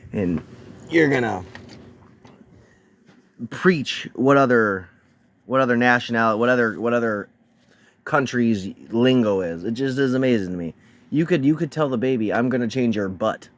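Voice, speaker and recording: A man's voice: medium pitch, fairly bright tone. A man hosting a casual reaction video, mocking and crude, tripping over repeated words as he rants.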